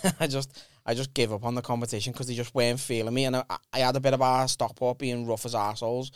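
Fast-talking brash man. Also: medium pitch, little pitch movement, smooth, no room sound, studio quality. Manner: sweary and brash, acts out the people in his stories. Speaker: podcast co-host and comedian. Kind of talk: casual banter, telling stories.

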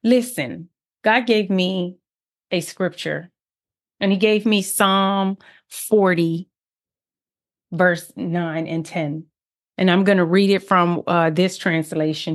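A woman hosting a faith podcast, sharing her testimony and reading scripture with an earnest, preaching delivery that grows fervent. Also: fairly low pitch. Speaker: podcast host.

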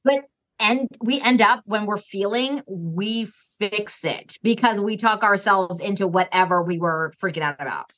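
Bright-voiced chatty woman, dull lo-fi audio. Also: medium pitch. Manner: chatty, quick to agree, quotes herself. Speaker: podcast guest. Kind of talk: casual conversation.

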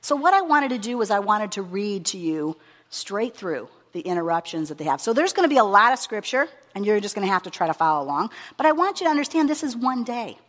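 A woman preacher giving a sermon with a long scripture reading, earnest and measured, stressing her words as she reads aloud. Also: mid-range voice, big pitch swings, a bit bright. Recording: long reverb of a hall.

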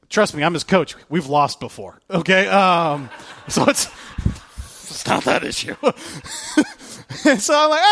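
A pastor in his thirties gives a conversational sermon full of stories, his excitement rising as he repeats points emphatically. His voice is high-pitched and his pace moderate.

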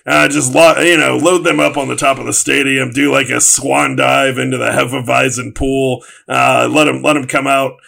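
Gravelly bright-voiced joking man. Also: medium pitch, level tone, moderate pace, few pauses. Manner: joking, spins tall comic scenarios. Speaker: podcast co-host. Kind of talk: casual sports banter.

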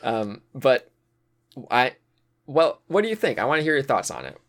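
A man's voice: mid-range voice, big pitch swings, normal speed. A man in casual chat, thinking aloud about a game's story, with frequent fillers and sighs. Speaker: co-host discussing a video game.

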